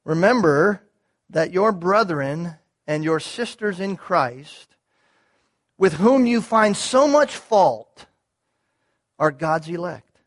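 A man with a high voice preaching a sermon. He talks earnestly and repeats key words for weight. He restarts small phrases as he explains. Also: animated, takes it slowly, pauses often. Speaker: pastor.

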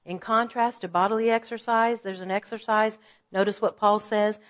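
A woman's voice: medium pitch, normal speed. Earnest woman teaching a women's ministry talk. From Oklahoma. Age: 50s. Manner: earnest, animated storytelling with asides. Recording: slightly dull, muffled audio.

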